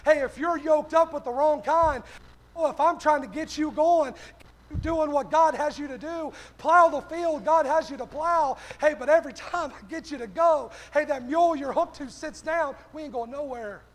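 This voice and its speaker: A man's voice: very high-pitched, moderate pace. A male pastor preaching a sermon, punching his lines with a repeated "hey".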